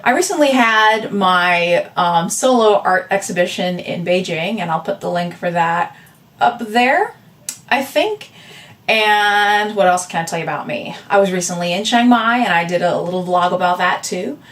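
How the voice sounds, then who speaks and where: A woman's voice: on the low side, moderate pace. Woman rambling on in a chill vlog, lots of ums, kinda far from the mic. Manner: rambling, lively, with many um fillers and asides. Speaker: vlogger and artist. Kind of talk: casual chatty vlog. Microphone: camera with a separate audio backup.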